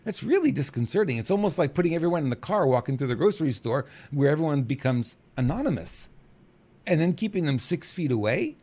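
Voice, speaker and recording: Middle-aged guy hosting a podcast, kinda high voice, jumps around acting out quotes, chuckles a lot. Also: fast. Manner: animated, acts out quotes with big pitch jumps, chuckles. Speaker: podcast host and coach. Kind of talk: casual monologue.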